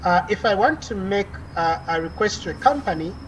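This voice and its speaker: A woman's voice: medium pitch, animated, fairly quick, rough recording. Woman teaching an online class on a call, mid voice, lots of uhs, bit of faint noise. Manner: explanatory, frequent "uh" fillers and restarts. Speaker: lecturer.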